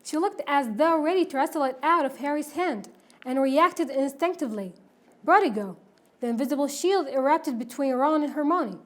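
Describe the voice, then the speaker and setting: A woman's voice: high-pitched, moderate pace. A woman reading a novel aloud as an amateur, often stumbling over words and restarting. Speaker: reader.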